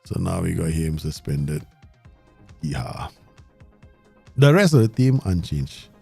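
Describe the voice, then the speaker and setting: A man with a low, gravelly voice gives live commentary over a game he is playing. He is excitable and talks to himself and his viewers. His pitch swings widely, and faint music plays underneath. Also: takes it slowly. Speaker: gaming channel host.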